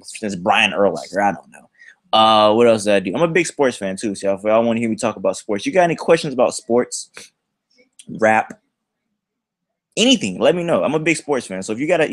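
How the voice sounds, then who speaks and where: Brief: young male streamer, slangy and animated, pitch jumping all over while he tells stories. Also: no room sound. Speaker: livestream host. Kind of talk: casual livestream storytelling.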